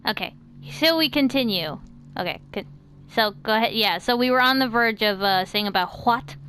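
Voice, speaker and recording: A woman's voice: a little high, lively intonation, normal speed, bright, forceful tone, a little hiss or hum. An American woman hosting a casual chat, talking in loose sentences full of fillers and restarts. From United States. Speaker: host.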